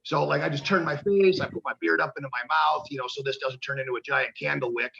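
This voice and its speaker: A man's voice: fairly high pitch, fairly even intonation, fast, gravelly, bright, forceful tone, lo-fi sound, a little hiss or hum. A man, a pro wrestler, telling rambling, profane stories in a casual interview and acting out the voices of people he quotes.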